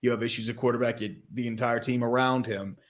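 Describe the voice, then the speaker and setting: A man's voice: medium pitch, steady tone, fast. A man co-hosting a casual sports podcast, blunt and opinionated, with casual swearing. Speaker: podcast co-host.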